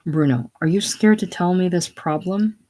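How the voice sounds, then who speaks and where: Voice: mid-range voice, normal speed, mellow, natural voice. A reader voicing a crude, pushy young male sailor in a casual play reading, blunt and offhand. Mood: coaxing.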